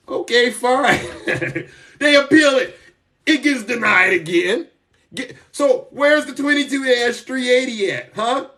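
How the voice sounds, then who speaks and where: A man's voice: extremely high pitch, expressive, slow, sharp tone, distant mic. A man doing a casual live political rant as a TikTok commentator, sarcastic and emphatic, often repeating himself.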